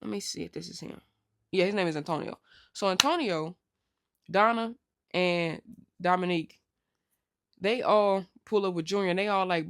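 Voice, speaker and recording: A woman hosting a casual TV recap vlog, telling the episode in lively slang and acting out the characters' lines. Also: fairly low pitch, normal speed, long pauses.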